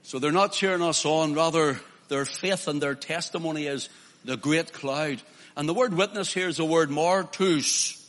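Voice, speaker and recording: Impassioned preacher in a reverberant hall. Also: male voice, on the high side, moderate pace, a bit bright. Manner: impassioned, rising to emphatic declarations. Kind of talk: sermon.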